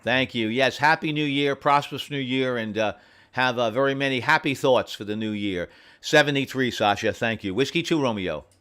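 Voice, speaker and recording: A man running an amateur radio station from home, friendly and repeating call signs slowly and carefully. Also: mid-range voice, fairly bright tone, smooth. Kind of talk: on-air radio contacts, reading call signs.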